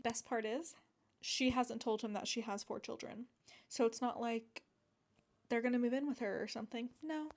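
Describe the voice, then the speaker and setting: Chatty woman recapping a book. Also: mid-range voice. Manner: chatty, exclamatory, many "like" fillers. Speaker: book vlogger. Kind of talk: casual book recap vlog.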